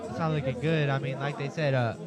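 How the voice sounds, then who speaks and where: A man's voice: medium pitch, steady tone, fast, a loud crowd. Man, laid-back jokey banter, fantasy football co-host, music playing behind. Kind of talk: casual live sports chat.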